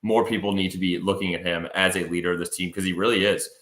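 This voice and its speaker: Bright, chatty Midwest podcast co-host. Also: male voice, low voice, fast, echoey room. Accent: American Midwest. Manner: lively, lots of "like", jokey. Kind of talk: casual sports podcast chat with ad reads.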